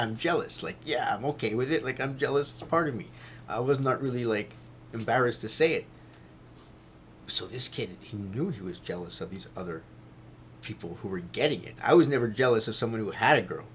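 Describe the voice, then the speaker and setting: A man talking to his viewers in a loose, rambling monologue, repeating himself and swearing, getting loud as he retells a fight. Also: on the low side, a little hiss or hum. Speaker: vlogger.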